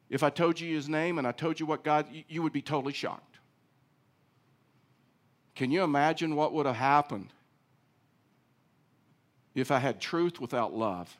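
A middle-aged male pastor preaching a sermon, telling a story with big swings between loud and soft. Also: on the high side.

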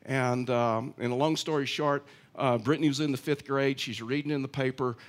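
A man's voice: medium pitch, steady tone, normal speed. A middle-aged male pastor giving a conversational sermon, telling stories with frequent restarts. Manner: chatty storytelling, many restarts.

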